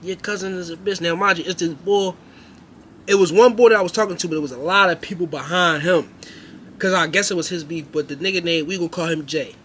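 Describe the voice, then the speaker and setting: A young man spins a casual storytime, his voice sitting a bit high for a guy. He talks in loose slang and jumps into loud, animated voices whenever he acts out a scene. A faint hiss runs under the recording. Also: fast talker. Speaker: storyteller host.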